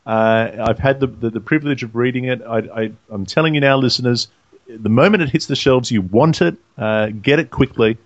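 A man's voice: medium pitch, fairly quick, lo-fi sound. A man hosting a podcast, speaking enthusiastically and addressing the listeners directly. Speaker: podcast host. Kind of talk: podcast conversation.

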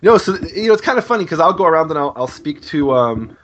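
A man's voice: a little high, very animated, quick pace, a bit bright, highs cut off, a little hiss or hum. A Jewish teacher in a casual discussion, talking animatedly, laughing often and restarting his sentences.

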